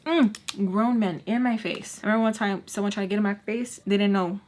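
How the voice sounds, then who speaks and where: A young woman chatting casually through a storytime while doing her makeup, animated and swearing, with sudden high-pitched exclamations. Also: fairly quick. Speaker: vlogger.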